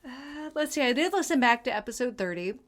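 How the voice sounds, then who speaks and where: A woman co-hosting a casual podcast, chatty and animated, who laughs often and tries to enunciate carefully. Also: high-pitched, brisk. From small farming community. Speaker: podcast co-host. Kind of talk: casual chat.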